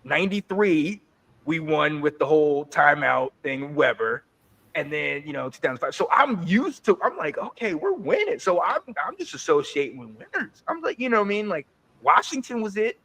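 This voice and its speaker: A man in his forties from North Carolina tells animated sports stories in a slightly high voice. He co-hosts a podcast in a loose, casual chat, often stumbling over and repeating words. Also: moderate pace, gravelly. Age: 40s. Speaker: podcast co-host.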